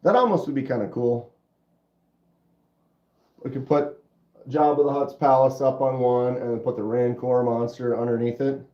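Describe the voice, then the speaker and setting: A man's voice: mid-range voice, fairly even intonation. Laid-back stuffy-nosed livestream guy. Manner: laid-back, drawn-out, says dude and bro. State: stuffy nose. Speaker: livestream host. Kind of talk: casual livestream chat reading comments. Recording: roomy, dull lo-fi sound.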